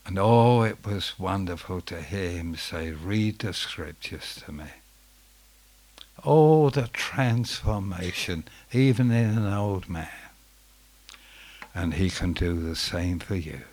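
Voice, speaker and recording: A man preaching a sermon as dramatic storytelling, dropping to a hush and then rising to loud outbursts. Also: sits low, expressive, takes it slowly.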